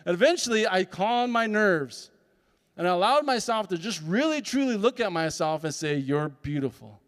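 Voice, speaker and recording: High-voiced man telling a story in a hall. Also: moderate pace. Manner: animated storyteller acting out dialogue. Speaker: speaker and comedian. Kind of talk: personal storytelling talk at a summit. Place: large conference hall. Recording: long hall reverb.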